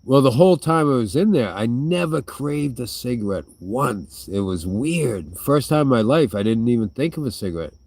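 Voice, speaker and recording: Answering viewer questions, a male vlogger chats casually, swears freely, trails off and restarts, with a smoker's cough between sentences. His mid-range voice is animated and darkish, at normal speed with few pauses and no echo.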